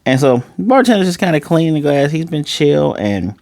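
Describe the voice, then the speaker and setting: A man's voice: a little high, big pitch swings, moderate pace, creaky, darkish tone, no room sound. A young man recapping and reviewing an anime episode in a loose, joking, slangy way, swearing freely.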